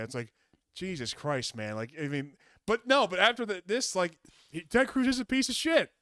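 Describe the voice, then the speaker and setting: A man co-hosting a casual podcast, rambling through profane, animated stories and talking over his co-host. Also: a little high, a little fast, clear, resonant tone, no echo, clean studio sound.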